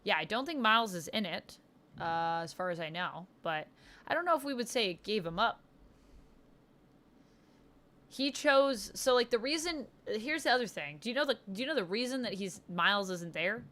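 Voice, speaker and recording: On a casual livestream, a woman with a mid-range, sharp-toned voice chats animatedly at normal speed about comics. She's an enthusiastic comic-book fan, reading viewer comments aloud and answering them as she goes.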